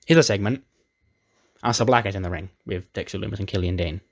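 Low-voiced guy chatting through a wrestling game story, animated. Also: quick pace, gravelly. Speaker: let's play narrator. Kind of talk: casual game story narration.

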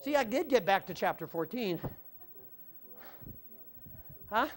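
A man preaching a sermon, animated, shouting out repeated phrases and prodding the congregation with "huh?". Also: high-pitched, takes it slowly.

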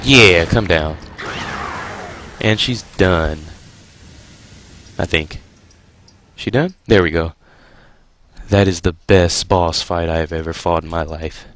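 A man's voice: deep voice, takes it slowly, pauses often, fairly bright tone. A man giving casual game walkthrough commentary, crude and joking, talking back to the game. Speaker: gaming commentator. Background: game music.

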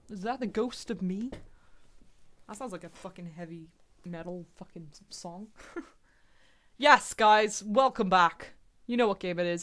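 A young woman giving casual, excitable commentary while playing a video game, swearing freely and talking back to the characters. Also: mid-range voice. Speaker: let's play gamer.

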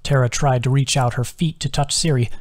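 A man reads his own novel aloud in a steady, measured audiobook voice at a middling pitch. He keeps the narration even and drops to a hush for quoted whispers.

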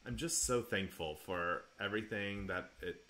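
A man's voice: lowish voice, moderate pace, bright, forceful tone. A middle-aged man giving an earnest, emotional commentary in a casual, rambling way. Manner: emotional, earnest and grateful, rambling with many fillers. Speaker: cast member giving film commentary.

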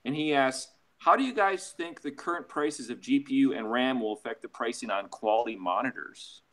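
A man hosting a live panel, reading out a question from the viewers in a measured way. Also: medium pitch, fairly bright tone. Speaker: host.

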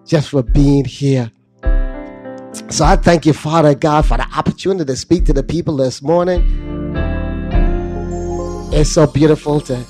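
A man's voice: a little high, dark tone. A middle-aged man from Anguilla hosting a radio show, talking in a heartfelt, preachy way and slipping into sing-song phrases. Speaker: radio DJ and host. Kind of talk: heartfelt devotional radio talk. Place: radio studio. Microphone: studio microphone at a mixing desk.

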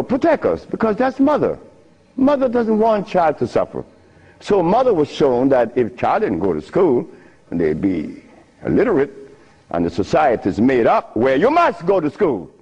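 Husky animated man lecturing, lo-fi. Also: mid-range voice. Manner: animated, teasing, emphatic. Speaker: speaker addressing an audience. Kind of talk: lecture with storytelling. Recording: dull lo-fi recording.

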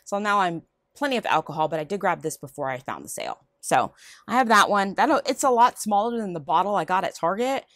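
A woman's voice: medium pitch, fairly quick, no echo, clean studio sound. A woman vlogger chatting casually about her shopping haul at home, rambling from one item to the next. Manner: rambling, chatty, lively ups and downs. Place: home room.

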